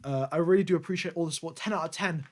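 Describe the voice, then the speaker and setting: A man with a slightly high voice hosts a live race stream. He rambles in a casual, conversational way as he reacts to the results and chats with viewers. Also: very fast, darkish tone.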